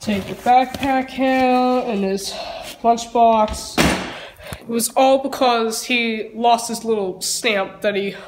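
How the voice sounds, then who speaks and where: A woman's voice: a little high, steady tone, slow, a little mellow, echoey room, slight background noise, pitched below the performer's own voice. A woman playing an exasperated mother who firmly scolds her child and gives orders. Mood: stern. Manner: firm, scolding, giving orders. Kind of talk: fan parody voice acting.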